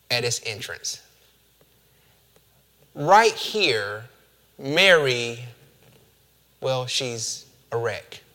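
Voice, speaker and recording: Animated, bright-voiced preacher man. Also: mid-range voice. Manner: animated, playful asides to the congregation. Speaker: pastor. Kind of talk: sermon with scripture reading.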